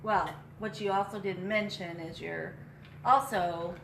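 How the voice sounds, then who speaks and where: A woman's voice: medium pitch, fairly even intonation, measured pace, creaky. A middle-aged woman co-hosting a casual live chat, adding short supportive asides. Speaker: co-host, the mother. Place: inside a small shop. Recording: echoey room with faint noise.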